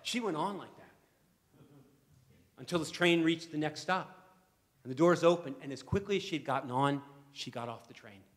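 A man giving a talk to an assembly as guest speaker, telling an animated story and repeating words as he starts sentences. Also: fairly high pitch, moderate pace, pauses often, in a large hall. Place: assembly hall.

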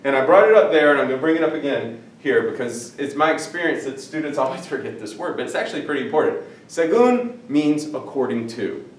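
Male teacher, animated, joking, heard from a distance in a roomy classroom. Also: a little high. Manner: lively, jokey, stretches out Spanish words slowly. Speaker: Spanish teacher. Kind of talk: classroom vocabulary lesson. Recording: echoey room, mic at a distance.

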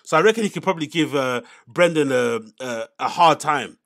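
A man's voice: a little high, expressive, brisk, creaky, a bit bright. A man hosting a casual commentary, reacting to podcast clips in an exasperated, sarcastic rant.

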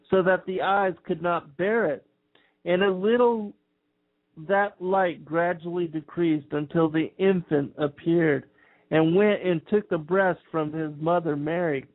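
A man reading an old scripture text aloud in a slow, measured, solemn way. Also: on the high side. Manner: slow, measured, archaic phrasing. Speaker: scripture reader. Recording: tinny phone-like sound.

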